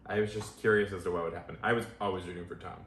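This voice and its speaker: A man's voice: sits low, racing. A man co-hosting a podcast, chatting playfully and animatedly about movies. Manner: animated, playful, laughs easily. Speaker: podcast co-host. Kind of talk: casual movie review chat. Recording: echoey room with faint hiss.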